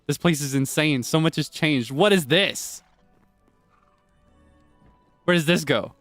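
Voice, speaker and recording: A man streaming live gameplay commentary, excitable and chatty, laughing often and swinging between hushed asides and high squeals of delight. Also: slow pace, long pauses, dry recording, soft background music.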